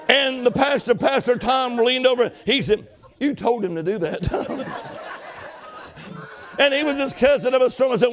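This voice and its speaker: High-voiced emphatic male preacher. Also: moderate pace, pauses often, some chatter behind. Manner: emphatic storytelling, calls for congregation response. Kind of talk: sermon.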